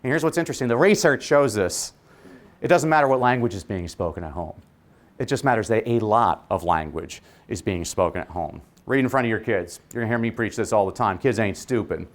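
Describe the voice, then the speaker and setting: A man's voice: fairly low pitch, a little fast. A man who is a teacher, giving a joking, preacher-like keynote speech. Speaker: teacher giving a conference talk.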